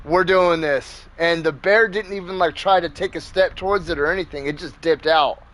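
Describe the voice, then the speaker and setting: Man, gaming host, casual storytelling, rambling, profane, somewhat high voice. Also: fairly even intonation, fairly quick, a bit bright. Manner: rambling and profane, with many fillers.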